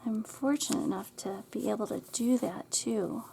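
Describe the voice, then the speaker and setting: A woman's voice: medium pitch, moderate pace, creaky, hardly any pauses, warm tone, a little hiss or hum. A middle-aged woman hosting a craft tutorial, chatting and rambling as she works and muttering to herself over her supplies.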